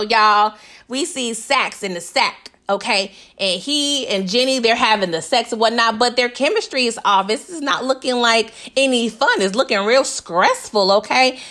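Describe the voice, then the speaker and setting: A woman casually recapping a TV episode, chatty and animated, laughing often and talking straight to her viewers. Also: a little high. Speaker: TV recap vlogger.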